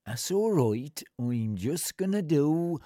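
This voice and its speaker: A man voicing a slow, unhurried old male groundsman with an easygoing drawl. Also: a little high, sing-song, mellow, no echo, studio quality.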